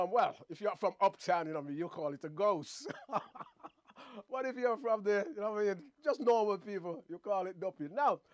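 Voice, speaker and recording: A man's voice: sits high, no room sound. A man hosting a casual monologue show, rambling and repeating words as he talks to his viewers. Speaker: host.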